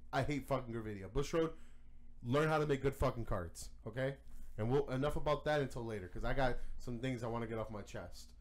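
Swearing heavily and restarting his sentences with stammers, a man co-hosting a card game podcast rants heatedly in casual fashion. His pitch is medium and his pace a little fast.

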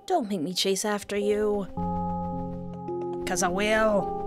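A woman's voice: medium pitch, little pitch movement, slow pace. A woman hosting a game playthrough, commenting playfully with sing-song calls. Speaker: let's play host. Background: game music.

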